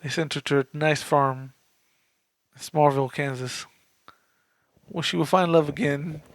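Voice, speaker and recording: A man's voice: a little high, steady tone, measured pace, no echo. Dry-joking man on a dry headset mic. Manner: dry, teasing jokes. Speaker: podcast co-host. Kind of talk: casual movie chat.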